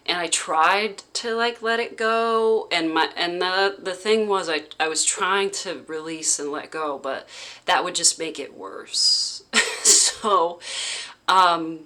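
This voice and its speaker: Slow, low-pitched woman recounting haltingly. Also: bright, forceful tone. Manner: halting, heavy with "like" fillers. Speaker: vlogger. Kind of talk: casual personal recounting.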